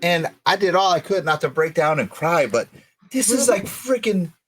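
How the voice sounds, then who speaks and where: A middle-aged man co-hosting a podcast stream, chatting in an excitable, effusive way. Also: high-pitched, normal speed, slight background noise. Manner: excitable and effusive, voice jumping up when thrilled. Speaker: podcast co-host. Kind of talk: casual livestream chat.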